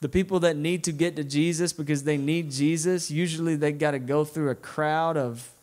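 A man's voice: fairly high pitch, steady tone, moderate pace, darkish tone. Conversational Southern man preaching a sermon. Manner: conversational, often asks "right?". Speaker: guest preacher.

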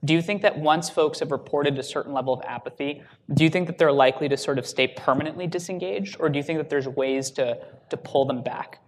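A man's voice: a little high, fast, hardly any pauses. Moderator, man, casual questioning tone, faint background hiss. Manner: conversational questions, many restarts. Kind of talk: panel discussion. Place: hotel ballroom.

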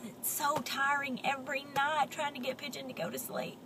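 Woman playing a tired, thankful man, slow and soft. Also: sits high, lively intonation, noisy background, pitched above the performer's own voice. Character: weary grown man, a pet's owner.

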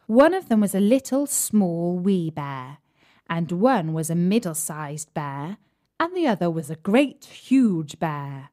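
A woman reading fairy tales aloud slowly and clearly for English learners, deliberate and sometimes dropping soft. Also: fairly low pitch. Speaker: storyteller.

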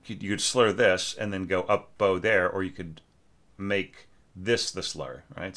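An orchestration teacher with a low, fairly bright voice speaks at a measured pace with fairly even intonation, casually critiquing a student's score. He thinks aloud with hesitant restarts and sings short phrases on nonsense syllables.

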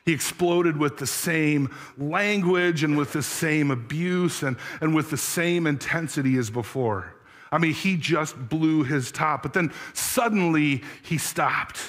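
A pastor preaching a sermon, earnest, asking the congregation searching questions. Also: male voice, fairly high pitch, unhurried, a bit bright. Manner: tells a story with acted voices.

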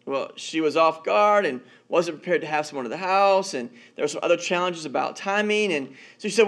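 High-voiced man preaching a relaxed sermon. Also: a little fast, hardly any pauses. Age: adult, married father. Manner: storytelling, repeats words as he goes. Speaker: pastor. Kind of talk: conversational sermon.

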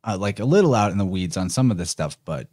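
A man's voice: deep voice, animated, fast talker, darkish tone, no room sound, studio quality. A man talking as a podcast guest, chatty and musing, laughing easily. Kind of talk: casual conversation.

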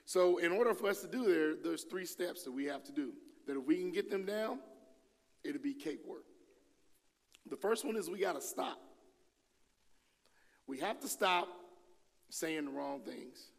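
A middle-aged man with a high, bright voice preaches a sermon in a church, with long reverb ringing around him. He swings his pitch and volume up and down as he acts out the people he quotes. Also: measured pace, gravelly, long pauses. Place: church sanctuary.

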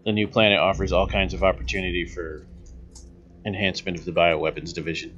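Male game master, bright, punchy narration, dry humor, lo-fi sound. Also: sits low, flat delivery, fast, slight background noise.

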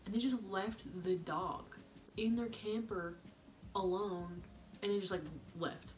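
A young woman vlogger telling a camping story in a chatty, animated way, full of "like" and quoted voices. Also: medium pitch, unhurried, slight background noise. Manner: chatty, animated, heavy use of "like". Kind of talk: story time vlog.

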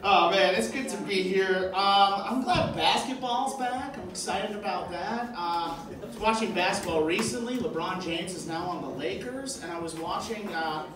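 A man's voice: sits high, normal speed, a crowd in the background. A man from Boston doing a stand-up comedy set, telling rambling stories full of fillers. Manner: rambling, filler-heavy storytelling. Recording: echoey club mic from far off. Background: audience laughter.

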